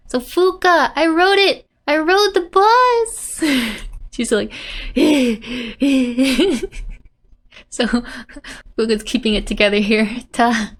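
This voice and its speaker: A woman with a high, bright voice walks through Japanese phrases from a manga page, unhurried and deliberate in her explanations. She keeps the lesson playful, laughing often and slipping into the characters' lines. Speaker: Japanese language teacher. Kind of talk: manga-based language lesson.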